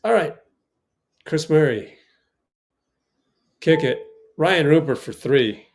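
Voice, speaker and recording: A man hosts a live fan watch party from a home computer setup, calling the game in a casual, unhurried way. His voice has a gravelly fry to it, and he reacts out loud to big plays. Keyboard typing comes through behind him. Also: a little high, animated. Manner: reacts loudly to plays, reads chat aloud. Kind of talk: casual live play-by-play and chat.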